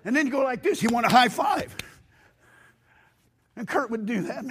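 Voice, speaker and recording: A male pastor preaching a sermon in a church with impassioned, rising delivery, hoarse from losing his voice. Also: extremely high pitch, animated, normal speed, a bit bright.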